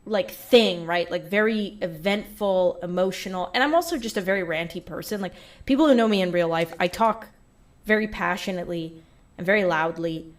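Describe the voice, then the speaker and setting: A woman's voice: on the low side, fairly quick. A woman talking casually and at length, full of fillers, as an online personality in a played clip. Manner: chatty, filler-heavy. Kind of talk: casual monologue.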